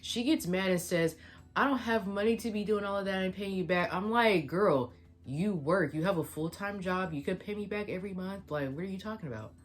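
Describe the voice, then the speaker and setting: A woman's voice: mid-range voice, fairly quick. A young woman vlogger retelling a story in a casual storytime, quoting the back-and-forth of a conversation.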